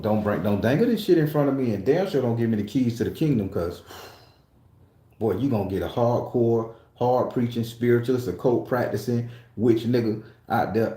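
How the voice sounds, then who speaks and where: A man pours out a heartfelt personal story, swearing freely and pressing hard on his points. His voice sits in a mid range with a mellow, darker tone. The room around him rings with a noticeable echo. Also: medium pitch. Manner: profane, emphatic, emotional. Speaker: tattoo shop client. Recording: echoey room.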